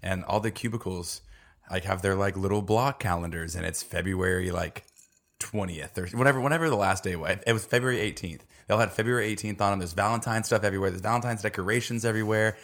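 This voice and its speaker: A man's voice: on the low side, fast talker, a bit bright. A man co-hosting a podcast, telling a loose, rambling story with lots of fillers. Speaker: podcast co-host. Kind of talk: casual chat.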